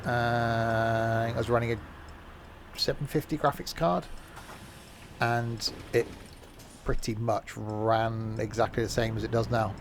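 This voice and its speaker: Gravelly-voiced man chatting through gameplay. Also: medium pitch, little pitch movement, slow pace, pauses often, slight background noise. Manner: rambling, chatty, with dry dark humour. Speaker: streamer. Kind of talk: casual gameplay commentary.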